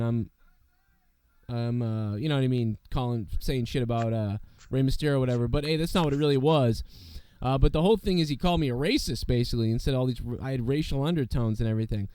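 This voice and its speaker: Hoarse guy rambling on his podcast, swears a lot, smooth dry close sound. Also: medium pitch, fast talker, darkish tone, dry recording. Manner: rambling, profane, full of fillers. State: hoarse from illness. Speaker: podcast host. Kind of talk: casual chat.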